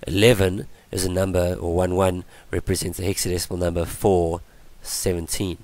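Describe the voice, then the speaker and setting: A man explaining web page coding in a screen-recorded tutorial, his voice worn from illness, halting with many ums and restarts. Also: low voice, level tone, darkish tone, no room sound. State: voice going from illness. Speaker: tutorial presenter.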